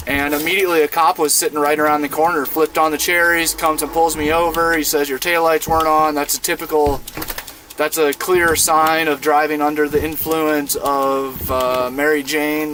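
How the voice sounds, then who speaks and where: A laid-back Iowa, USA man in his twenties, a gaming streamer, chats casually inside a van while streaming a game, telling a profane, rambling story loaded with fillers. His voice is fairly high, bright and forceful, with little pitch movement at normal speed, and a little hiss or hum is audible.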